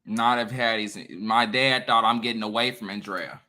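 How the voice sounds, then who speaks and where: A man in a casual monologue to his viewers, emphatic, profane and lecturing, swinging between loud bursts and quiet asides. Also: on the low side, fairly even intonation, moderate pace. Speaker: online creator.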